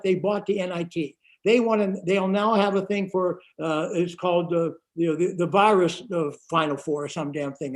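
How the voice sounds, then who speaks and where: Blunt fired-up man, high voice. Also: darkish tone. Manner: blunt, fired-up, rapid bursts. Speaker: panelist. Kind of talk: panel discussion.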